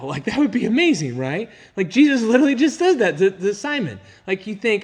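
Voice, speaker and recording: Brief: casual male youth pastor, lively storyteller who laughs a lot, voice on the higher side. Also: a little fast, few pauses, husky. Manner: animated storytelling, laughs often, casual filler. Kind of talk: casual youth-group teaching.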